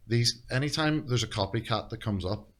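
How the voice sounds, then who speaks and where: A man's voice: medium pitch, a little fast. A man chatting as a podcast guest, rambling, swearing freely and laughing often. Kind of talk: casual chat.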